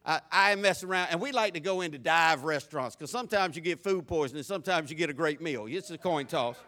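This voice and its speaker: A man's voice: fairly high pitch, expressive, fast, sharp tone. A man preaching a folksy, humorous sermon, stumbling through many stammered restarts.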